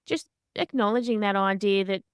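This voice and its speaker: A woman hosting a podcast, telling candid stories in an animated way. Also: medium pitch, moderate pace, clear, resonant tone, no echo, clean studio sound. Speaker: podcast host and boxer. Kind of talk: conversational interview.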